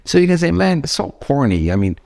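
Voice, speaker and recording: A man's voice: on the high side, very animated, quick pace, gravelly, a little mellow. A young man with an Ethiopian accent, a non-native English speaker, gives a casual, chatty English lesson and often asks his viewers questions. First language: not English. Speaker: English teacher.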